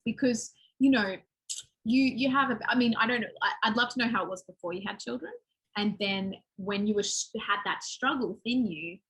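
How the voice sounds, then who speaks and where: A woman hosting a podcast interview, asking supportive, halting questions. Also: on the high side, fairly bright tone, slightly rough, rough recording. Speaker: podcast host. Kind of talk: interview conversation.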